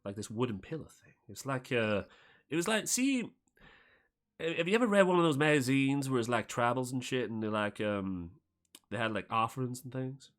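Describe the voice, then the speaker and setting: A man's voice: mid-range voice, animated, normal speed, a bit bright. A man running a tabletop game as game master, improvising and rambling with lots of "like".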